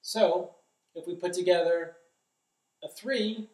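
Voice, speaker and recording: A man's voice: sits high, steady tone, measured pace, long pauses, a little mellow, faint music behind. A middle-aged man giving a drum lesson, explaining carefully and chanting rhythm syllables aloud. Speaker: drum instructor. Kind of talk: instructional demonstration. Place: drum studio, indoors. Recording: echoey room, distant mic.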